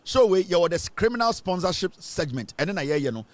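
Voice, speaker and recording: A man's voice: high voice, sing-song, quick pace, no echo. A Ghanaian man hosting a political commentary show, ranting and mocking as he switches between English and Twi.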